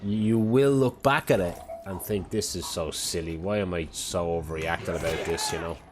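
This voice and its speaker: A man's voice: deep voice, moderate pace, background noise. A man chatting casually on a live stream, rambling and swearing freely, often sounding exasperated. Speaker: parent.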